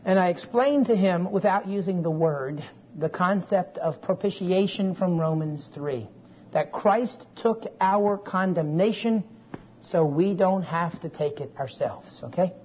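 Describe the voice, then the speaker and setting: A man's voice: sits high, a little slow. Folksy man teaching a Bible class. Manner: folksy, digressive, checks in with listeners. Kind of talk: classroom lecture with personal story. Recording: dull lo-fi recording with faint hiss.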